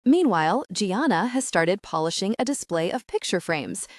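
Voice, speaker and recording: Animated woman audiobook narrator. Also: medium pitch, normal speed, no room sound, studio quality. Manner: animated, expressive storytelling. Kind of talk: first-person audiobook narration.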